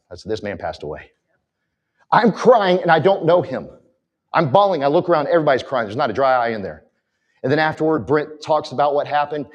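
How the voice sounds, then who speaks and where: A man is speaking from a conference stage. His voice sits at an ordinary middle pitch. He talks straight at the audience and hits his points hard. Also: dull audio. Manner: fired up, emphatic, addresses audience directly. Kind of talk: motivational stage talk.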